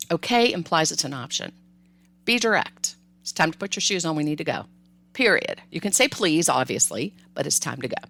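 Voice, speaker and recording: Low-voiced older woman giving parenting advice. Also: gravelly. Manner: warm advice-giving with light laughs. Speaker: parenting podcast host. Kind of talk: solo podcast talk.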